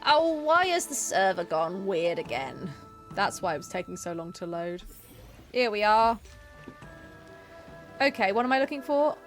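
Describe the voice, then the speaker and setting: A chatty woman with a fairly high voice gives casual commentary while streaming a video game. She laughs easily and reads the on-screen text aloud as she goes. Soft music runs faintly underneath her.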